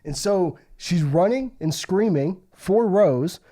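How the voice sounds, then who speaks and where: Rambling young man, mellow voice. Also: high voice, expressive, slow pace. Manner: rambling, swearing, filler-heavy storytelling. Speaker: podcast co-host. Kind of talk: casual chat.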